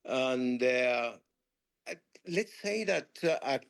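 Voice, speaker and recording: A man in a workshop answering hesitantly, searching for words and clearing his throat. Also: mid-range voice, expressive, takes it slowly. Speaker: workshop participant. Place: workshop room.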